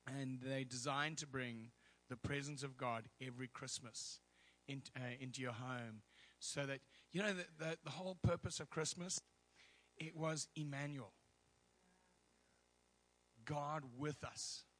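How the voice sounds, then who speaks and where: Bright-voiced man telling church stories. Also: mid-range voice, steady tone, moderate pace. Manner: chatty storytelling with humor and asides. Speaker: guest preacher. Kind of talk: sermon with personal stories.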